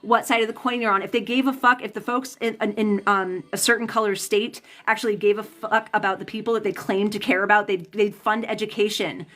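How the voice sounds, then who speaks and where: A woman's voice: medium pitch, steady tone, fairly quick, hardly any pauses, a bit bright. A woman reading tarot on a livestream, venting heatedly and profanely as she answers viewers' comments, stumbling and restarting her sentences. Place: home, Pacific time zone.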